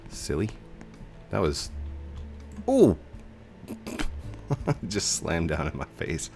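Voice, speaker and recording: A man casually commentating a video game he plays, goofing around with silly sound effects and sudden high yelps. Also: takes it slowly, creaky, soft background music. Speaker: gaming YouTuber. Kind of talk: casual let's-play commentary.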